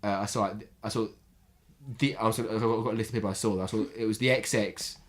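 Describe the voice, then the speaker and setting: A man's voice: on the low side, steady tone, fast talker. A young man from England co-hosting a podcast in casual chat, rambling and repeating words as he talks. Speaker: podcast co-host.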